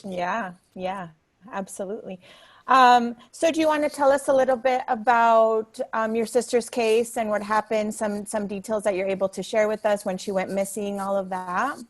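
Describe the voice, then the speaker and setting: A woman hosts an interview and answers her guest gently and supportively. Her voice sits at a middle pitch. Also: steady tone, normal speed.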